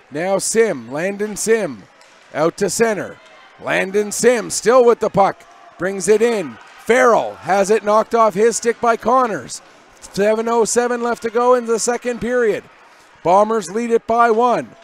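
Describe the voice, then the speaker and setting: A man doing live hockey play-by-play commentary from above the ice, with rapid, energetic calls that rise on big plays. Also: high voice. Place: arena broadcast position above the ice.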